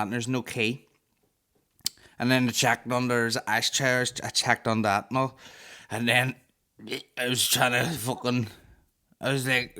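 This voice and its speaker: This man's voice is medium-pitched, bright, and forceful as he hosts a comedy podcast in a Northern Irish accent. In casual monologue he rambles through profane stories and slips into mock voices.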